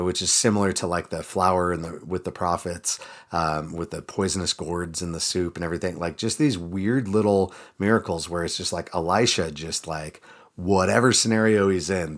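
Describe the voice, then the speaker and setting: A man hosting a daily Bible reading, retelling the stories casually and slipping into lively quoted voices. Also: sits low. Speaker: church Bible reading host.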